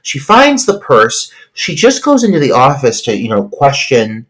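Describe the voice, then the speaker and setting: A man co-hosting a casual film podcast, recapping scenes in an excited, emphatic way. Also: mid-range voice, moderate pace, poor audio. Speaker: podcast co-host.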